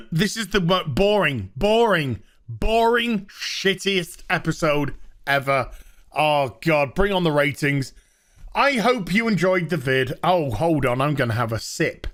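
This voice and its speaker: A man's voice: fairly high pitch, animated, unhurried, a bit bright. A man giving a sarcastic, swearing recap of a TV episode he dislikes, scornful and casual. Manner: swears freely. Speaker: TV show reviewer.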